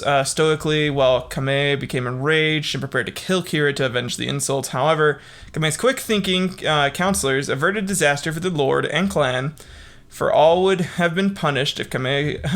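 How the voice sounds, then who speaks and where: A man's voice: on the high side, a bit bright. Irreverent, profane man narrating history. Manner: irreverent, profane, laughs at own jokes. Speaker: podcast host. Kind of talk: casual history podcast narration.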